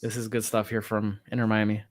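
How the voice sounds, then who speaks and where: A man's voice: lowish voice, completely flat delivery, brisk. A man co-hosting a casual watch-along, narrating the match action like a play-by-play commentator. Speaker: co-host doing match commentary.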